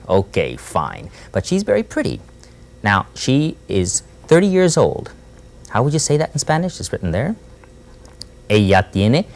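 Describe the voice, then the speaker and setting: A man leads a Spanish lesson, slowly repeating each phrase for the class to echo. His voice has a gravelly, creaky edge. His pitch swings widely between low asides and high, emphatic prompts. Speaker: Spanish teacher.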